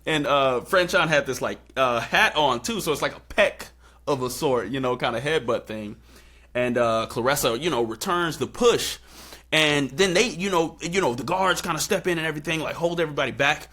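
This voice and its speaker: A young man hosting a podcast, casually telling a story and acting out quotes in excited high bursts. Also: normal speed. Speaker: podcast host.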